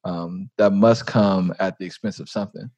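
A man's voice: deep voice, fairly even intonation, moderate pace, darkish tone, muffled recording. A man hosting a podcast interview, asking questions in a laid-back, chatty way full of "like" and "um". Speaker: podcast host. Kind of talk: casual conversational interview.

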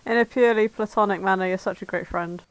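A woman's voice: mid-range voice, fairly even intonation, fast, clean tone, dry recording, poor audio. A woman reading a character in a comedy podcast and adding sardonic asides.

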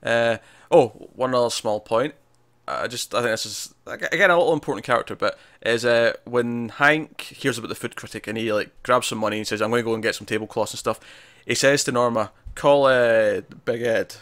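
A man's voice: medium pitch, fairly quick, fairly bright tone, no room sound. A man co-hosting a casual review chat, talking in an analytical way with lots of restarts. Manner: chatty, analytical, frequent restarts. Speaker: podcast co-host.

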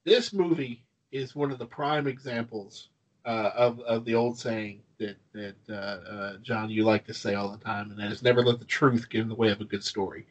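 A man's voice: mid-range voice, steady tone, moderate pace, poor audio. A man co-hosting a casual film podcast, retelling favorite scenes enthusiastically, with frequent restarts. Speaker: podcast co-host. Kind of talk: casual film-discussion chat.

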